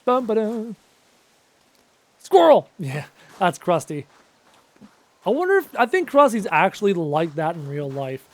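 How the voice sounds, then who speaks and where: A man's voice: high-pitched, big pitch swings, moderate pace, no room sound. A man in his late twenties chatting casually on a live stream while he plays, answering chat questions aloud with self-mocking jokes, his voice wearing out. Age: late 20s.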